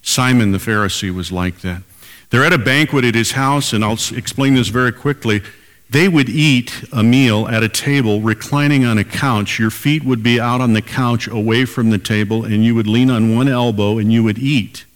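A man's voice: medium pitch, moderate pace. Older man preaching in a reverberant hall. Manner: emphatic preaching, repeating lines for weight. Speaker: pastor. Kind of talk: sermon.

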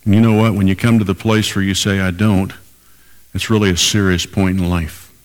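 A man's voice: low-pitched, steady tone, fast talker, clean tone, big-room sound. An older man preaching a sermon as pastor, emphatic and repeating key lines for weight.

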